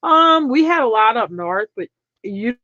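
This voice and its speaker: A speaker chatting casually and making quick quips, on a dull lo-fi recording. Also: medium pitch, very animated, pushed and bright, no echo. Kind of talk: casual chat.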